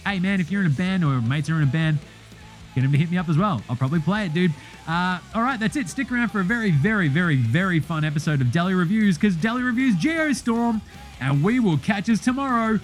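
A man's voice: high-pitched, quick pace, faint music behind. Laid-back Australian man hosting a podcast. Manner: laid-back, sweary, thankful. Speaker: podcast host. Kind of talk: casual outro chat.

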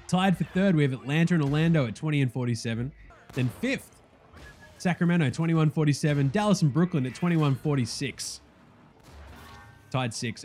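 A young man hosts a casual sports chat, talking in a slightly high voice. He is excitable and swears freely, jumping from loud, eager outbursts to low, muttered asides. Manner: excitable, profane and joking, swings loud and soft. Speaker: podcast host.

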